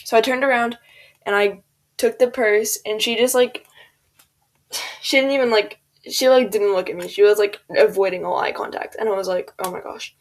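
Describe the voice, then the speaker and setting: With a medium pitch and a moderate pace, a teenage girl rambles her way through a casual gameplay storytime. The gaming creator's talk is full of "like" and "um," and she does voices for the people she quotes.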